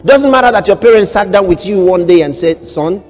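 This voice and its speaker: Male pastor, preaching, high voice, dramatic loud and soft swings, reverberant hall. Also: lively intonation, a little fast. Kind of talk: sermon.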